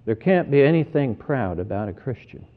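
A man preaching a sermon in an earnest, deliberate way, often repeating words as he stresses each point. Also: mid-range voice, sing-song. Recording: tinny phone-like sermon recording.

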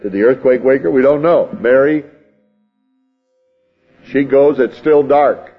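A man with a mid-range, unhurried voice and a breathy edge gives a folksy sermon, reading scripture and acting out the scene in his own words with chuckles. The audio is narrow and tinny, with soft music behind him.

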